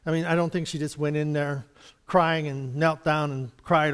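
A man's voice: on the high side, little pitch movement, normal speed, in a large hall. A man giving an informal Bible study, chatty and rambling, chuckling often and acting out little exchanges. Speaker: Bible teacher.

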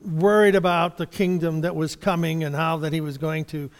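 High-voiced man preaching in a hall. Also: little pitch movement. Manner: conversational, halting, chuckles, restarts. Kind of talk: sermon Bible study.

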